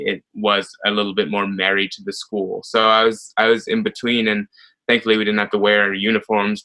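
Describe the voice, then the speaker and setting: An American man in his thirties, talking through his career in a relaxed interview. His voice sits fairly low but comes across bright and forceful. He tells stories in an animated way, with plenty of ums and little laughs. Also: poor audio. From United States. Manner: animated storytelling with frequent fillers and laughs. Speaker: ballet soloist guest. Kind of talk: conversational interview.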